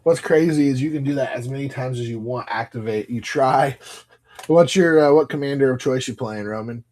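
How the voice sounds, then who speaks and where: A man's voice: medium pitch, a little fast, darkish tone. A man casually chatting on a live stream, reading off cards as he opens packs and telling stories to viewers. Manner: chatty, rambling, greets viewers by name while reading cards. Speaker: live stream seller opening card packs.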